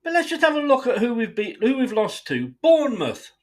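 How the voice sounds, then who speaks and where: An exasperated English man delivers a blunt, sweary fan rant. His voice sits high for a man and swings widely in pitch. He slips into quick mimicry of other people as he makes his case. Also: huge pitch swings, a little mellow, slight background noise. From England. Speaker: football fan channel host.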